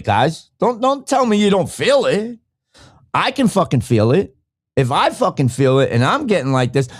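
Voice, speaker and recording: A fired-up man rants on his live podcast, swearing constantly and calling names out to his chat. His voice sits a little high and leaps all over the place. The sound is dry and close. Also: no room sound. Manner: angry, profane, blunt ranting; greets live chat viewers. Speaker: podcast host. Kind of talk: livestream rant.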